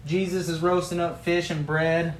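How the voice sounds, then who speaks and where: A man's voice: fairly high pitch, flat delivery, moderate pace, echoey room, a little hiss or hum, rough recording. A male preacher giving a sermon, retelling a story in a folksy, vivid way and building to passionate emphasis.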